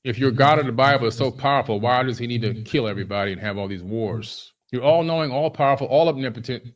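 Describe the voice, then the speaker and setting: A man's voice: medium pitch, fast talker. A man on a casual livestream, answering his chat in a defensive, lecturing way.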